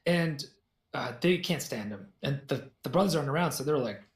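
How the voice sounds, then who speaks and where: A man telling a fairy tale as a podcast guest, in an animated, jokey way with asides. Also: mid-range voice, a little fast. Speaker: guest storyteller. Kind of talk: casual storytelling in a podcast conversation. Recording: roomy echo.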